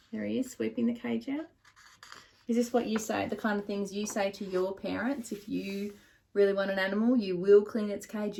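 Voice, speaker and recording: A woman reading picture books aloud to children, animated and asking them questions. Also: mid-range voice, vocal fry. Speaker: children's storyteller.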